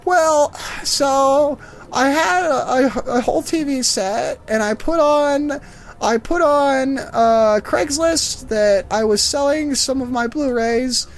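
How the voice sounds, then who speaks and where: A man voicing a flustered, chatty elderly woman phoning a store for help, talking in a high, wavering, repetitive ramble. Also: slow, heavily acted. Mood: rambling.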